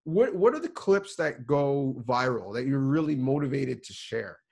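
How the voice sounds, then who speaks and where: A man's voice: medium pitch, expressive, moderate pace, creaky, a little mellow, husky. A man, a sports reporter and producer, giving earnest, emphatic advice to students over a video call, with frequent restarts.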